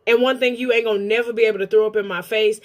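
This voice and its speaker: High-voiced woman ranting blunt and profane, mellow tone, reacting to a clip. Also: fairly even intonation, rapid-fire. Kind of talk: reaction commentary.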